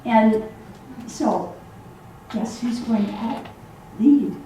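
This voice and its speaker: A woman minister giving a sermon to a congregation in a church hall, animated and acting out the voices she quotes. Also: on the high side, extremely slow, a little hiss or hum. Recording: echoey hall, voice from far off.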